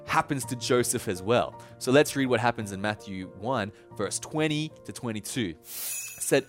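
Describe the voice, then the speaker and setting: A young man giving a casual Bible teaching, chatty and animated, often laughing as he tells the story. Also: medium pitch, moderate pace, faint music behind. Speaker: preacher.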